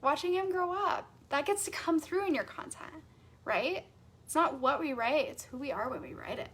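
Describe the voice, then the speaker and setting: A woman with a high, bright-toned voice teaches a live coaching masterclass. She talks casually with "like" and "right?" and leans on repeated phrases for emphasis. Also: expressive, normal speed. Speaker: sales and human design coach.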